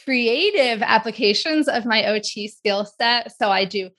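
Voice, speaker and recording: A woman in her forties, a guest in an interview, talking casually and chattily with quick asides. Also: a little high, fairly bright tone. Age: 40s.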